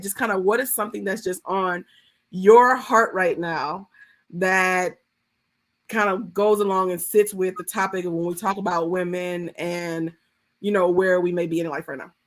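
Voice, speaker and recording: A woman's voice: medium pitch, steady tone, normal speed, a bit bright. A woman hosting a live video conversation, casual and rambling, full of "like" and "kinda". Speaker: host. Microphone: video call.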